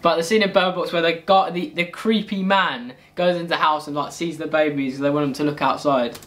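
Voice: mid-range voice, steady tone, fairly quick, noisy background. A video host, reacting to a song in casual, chatty commentary and often breaking off mid-sentence. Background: song playing.

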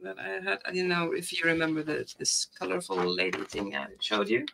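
A woman who is a guest artist on a casual livestream chat, talking candidly and self-deprecatingly with halting phrasing. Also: lowish voice, very animated, gravelly, a bit bright, a little hiss or hum, rough recording.

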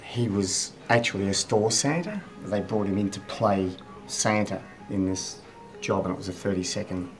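A middle-aged man with a very low, deep voice, a voiceover artist who hesitates and halts through his anecdote. Music plays clearly behind him. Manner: hesitant, halting with many ums. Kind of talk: mockumentary interview anecdote.

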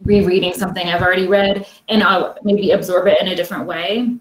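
A woman's voice: lowish voice, flat delivery, fast, reverberant, slight background noise, poor audio. A woman librarian co-hosting a casual book chat, talking in a rambling, friendly way and laughing often. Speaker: librarian co-host. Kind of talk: casual chat about books.

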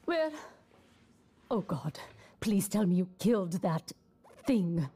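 An actress voicing a shaken young woman crew member on a space station in a video game, halting and rattled, with a wry loyalty underneath. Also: on the low side, sing-song, mellow, slightly rough, heavily acted.

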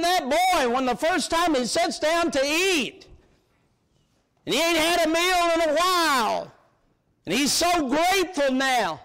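A man preaching a sermon in a church, emphatic and colloquial, rising to shouts. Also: very high voice, expressive, measured pace. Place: church sanctuary.

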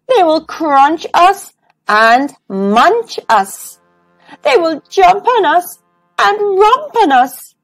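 A woman's voice: fairly bright tone, heavily acted. Woman doing a panicky, shrieking old man. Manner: frantic, high and shrieking.

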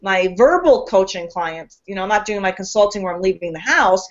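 A woman's voice: mid-range voice, expressive, fairly quick, muffled recording. Woman host in loose, emphatic chat. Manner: emphatic, philosophical, talks in long loose runs. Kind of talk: casual conversational talk.

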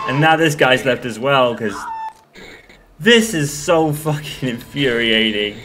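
A man's voice: medium pitch, a little slow, sharp tone, faint music behind. A young man giving live commentary over a co-op zombie game, exasperated and swearing often. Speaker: gaming channel host.

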